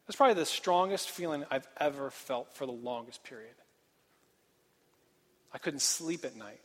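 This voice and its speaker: A man's voice: a little high, normal speed. A young man from Portland, Oregon, telling a personal story in a casual, self-deprecating sermon style. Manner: animated, self-deprecating, casual filler-heavy. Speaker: speaker. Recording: long hall reverb.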